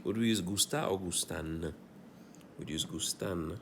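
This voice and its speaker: Male language teacher, low voice, patient classroom explainer, faint hiss behind. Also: a little slow, gravelly. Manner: checks in often with "all right?", repeats examples. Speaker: Spanish teacher. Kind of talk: classroom grammar lesson.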